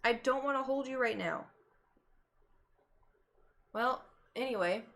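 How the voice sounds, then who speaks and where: Chatty woman streamer, slightly high voice. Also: takes it slowly, fairly bright tone. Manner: chatty, exasperated asides to her cat. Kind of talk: casual live-stream chat.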